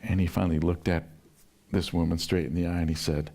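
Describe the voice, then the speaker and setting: A man, a pastor, telling a story in a relaxed conversational sermon and acting out the quoted voices. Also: low voice, fairly quick, gravelly, slight background noise.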